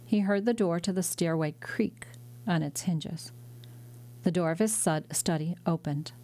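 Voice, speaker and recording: A woman's voice: fairly low pitch, a little slow, warm tone. Woman narrating a classic novel. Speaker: audiobook narrator. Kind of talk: scripted narration.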